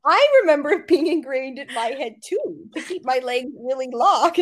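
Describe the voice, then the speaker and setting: A young woman hosting a podcast, telling a travel story in an animated, laughing way. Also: high-pitched, moderate pace, few pauses. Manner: animated, laughing, dramatic retelling. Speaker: podcast host. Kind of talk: casual storytelling chat.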